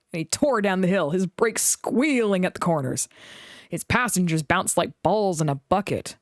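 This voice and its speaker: A woman reading a children's storybook aloud in an expressive way. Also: on the low side, normal speed, no echo, clean studio sound. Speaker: reader.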